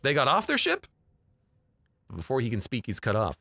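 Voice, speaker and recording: A man's voice: medium pitch, huge pitch swings, normal speed, gravelly, long pauses, sharp tone, slight background noise. A man streaming a video game. He reads the game text aloud and jokes about it in casual commentary.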